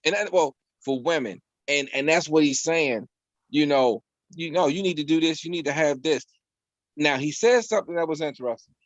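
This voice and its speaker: Male talk show co-host, animated and profane, a bit high-pitched, on dull lo-fi video call audio. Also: normal speed, dry recording. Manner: animated, joking, profane, repeats himself. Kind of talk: casual panel debate.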